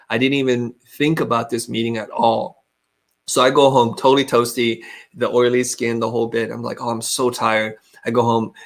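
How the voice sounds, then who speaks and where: A man's voice: mid-range voice, gravelly. Candid storytelling man on a video call. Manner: candid, storytelling, frequent restarts. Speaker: guest. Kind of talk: webinar interview.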